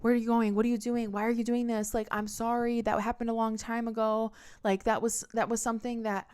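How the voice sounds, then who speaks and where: A woman's voice: on the high side, little pitch movement, fairly quick, a little mellow, clean tone, dry recording, studio quality, pitched above the performer's own voice, lightly acted. A woman acting out a panicked young man begging and apologizing in a raised, frantic voice during a storytime. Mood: pleading.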